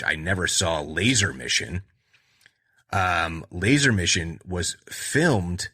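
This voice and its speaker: A man's voice: low-pitched, sharp tone, breathy edge. A man hosting a podcast, retelling a movie in a loose, rambling way with lots of fillers and restarts. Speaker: podcast host.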